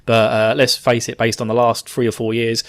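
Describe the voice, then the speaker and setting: A male guest records a holiday message, chatty and joking. His voice sits at a mid pitch. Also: completely flat delivery, moderate pace. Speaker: podcast guest.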